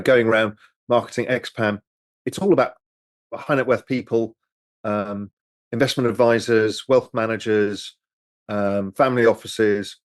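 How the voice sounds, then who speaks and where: A man's voice: mid-range voice, no room sound. A man hosting a casual live-stream chat over drinks, reading out viewer questions in a rambling, candid way that includes swearing.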